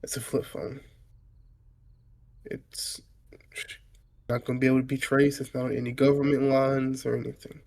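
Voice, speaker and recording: A man voicing a protective middle-aged father who is gruff and blunt but caring. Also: mid-range voice, flat delivery, moderate pace, pauses often. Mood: hushed earnest. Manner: gruff, blunt, quietly earnest.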